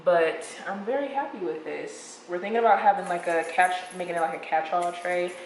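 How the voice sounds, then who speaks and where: A woman in her late twenties talking to her vlog camera at home in a relaxed, soft-spoken way. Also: fairly low pitch, fairly quick. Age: late 20s. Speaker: vlogger. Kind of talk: casual vlog narration. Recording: echoey room with background noise.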